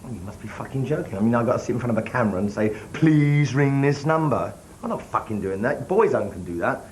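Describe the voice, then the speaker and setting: An actor playing a temperamental, foul-mouthed pop star in a spoof documentary, from a noisy old TV broadcast tape. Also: male voice, mid-range voice, lively intonation, normal speed, lightly acted. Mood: furious. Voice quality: foul-mouthed, theatrical tantrums. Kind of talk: sketch comedy.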